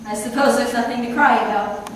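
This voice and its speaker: A woman's voice: on the high side, fairly even intonation, fairly quick, a little hiss or hum, lightly acted. An actress on stage playing a fretful middle-aged mother who rambles tearfully on her daughter's wedding day. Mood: weepy. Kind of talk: stage play performance. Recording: echoey hall taped from far off.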